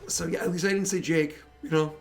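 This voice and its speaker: A man running a tabletop game chats casually and tells a story, swearing freely and acting out his friends' reactions. His voice is a little high and gravelly, he talks quickly, and music plays in the background.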